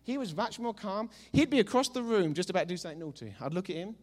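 A male pastor preaching a sermon, telling a funny story with emphatic, animated delivery. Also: high-pitched, fast.

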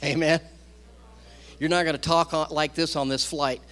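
A middle-aged male pastor preaching a sermon, animated, swinging between loud bursts and quiet asides. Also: on the high side, normal speed. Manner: animated preaching, rising and dropping loudness.

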